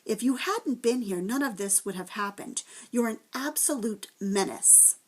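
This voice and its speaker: A woman's voice: fairly high pitch, expressive, unhurried, husky. A woman voicing a tall, fussy, snappish creature in a storybook reading. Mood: scolding. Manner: snappish and scolding.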